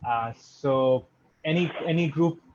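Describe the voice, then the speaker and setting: A man's voice: a little high, takes it slowly, a little mellow, highs cut off, slight background noise. A young man from India doing a stand-up set online, with dry, self-deprecating jokes and chuckles. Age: young adult. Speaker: stand-up comedian.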